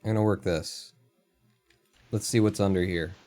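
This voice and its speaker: A man streaming a game live, thinking aloud, counting under his breath, chatting to animals and breaking into excited outbursts with casual swearing. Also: low voice, normal speed, soft background music. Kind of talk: live gameplay commentary.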